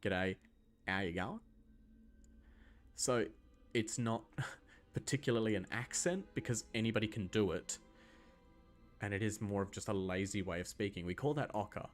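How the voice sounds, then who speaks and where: A man's voice: lowish voice, normal speed, faint music behind. A young man from Scotland giving loose, rambling gameplay commentary and answering chat questions, with plenty of ums and restarts. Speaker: gaming video host.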